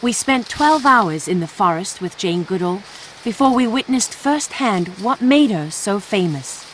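A woman's voice: mid-range voice, animated, a little slow, fairly bright tone, slight background noise. A woman working as a TV correspondent, giving scripted narration and asking short interview questions.

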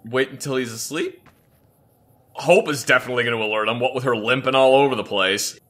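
Casual male co-host, bright tone, playful banter. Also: medium pitch, brisk. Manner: joking, laughs often. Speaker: co-host playing a game.

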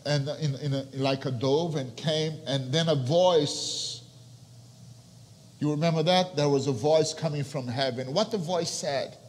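A young man preaching a sermon with a fairly high voice that rings out in a big hall with a long reverb. He drops to hushed, almost whispered lines, then surges into loud, soaring passages. Faint ambient noise sits under the sound. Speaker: pastor.

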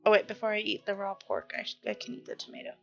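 A woman's voice: medium pitch, sing-song, fast talker, creaky. A woman streaming a video game, talking to herself in casual commentary and startling easily. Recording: dull lo-fi mic with faint music.

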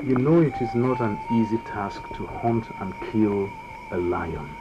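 A man's voice: fairly low pitch, measured pace, dull audio, very noisy, natural voice. Dutiful young prince, played by a man. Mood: respectful. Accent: Nigerian. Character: dutiful adult prince, respectful son. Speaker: king's son.

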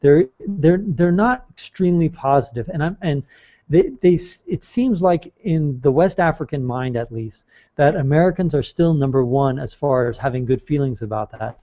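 A man's voice: on the high side, expressive, moderate pace, mellow. A man being interviewed as a travel author on a podcast, talking at length in a casual way and restarting his sentences often. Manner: talkative, explains at length with restarts. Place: calling in from abroad. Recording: slightly muffled audio.

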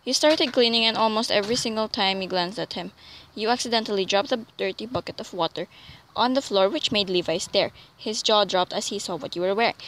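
A woman's voice: medium pitch, a little fast, a bit bright, rough recording. A young woman casually reading fanfiction aloud, stumbling over words and adding amused asides. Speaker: fanfiction reader.

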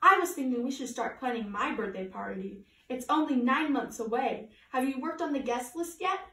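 A woman's voice: high-pitched, moderate pace, bright, forceful tone. A woman voicing a young boy fish in a storybook reading, eager and earnest. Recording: echoey room, voice from a distance.

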